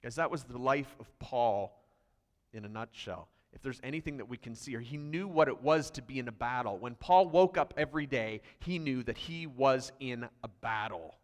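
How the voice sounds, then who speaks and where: A man's voice: medium pitch, moderate pace, in a large hall. A man pastor preaching a sermon emphatically, reading scripture aloud with growing intensity. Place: church hall.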